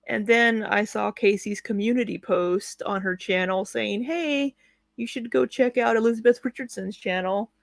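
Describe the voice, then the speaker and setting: A woman commentates on a live stream, her voice pitched somewhat high and recorded dry, with no room sound around it. She is blunt and sarcastic, swearing casually and laughing at her own jokes. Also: moderate pace, vocal fry, dry recording. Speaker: reaction commentator.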